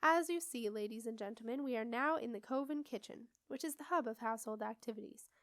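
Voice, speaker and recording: A woman's voice: fairly high pitch, a little fast, fairly bright tone, no echo, studio quality. A woman voicing a small, fussy spider-like creature that speaks like a prim, courteous tour guide.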